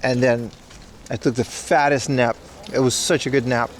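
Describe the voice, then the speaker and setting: A man's voice: mid-range voice, fairly even intonation, normal speed, a little hiss or hum. A sleep-deprived man hosting a casual livestream, joking sarcastically with chat while walking along a city street. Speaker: livestream host. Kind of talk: casual IRL stream chat, reading chat.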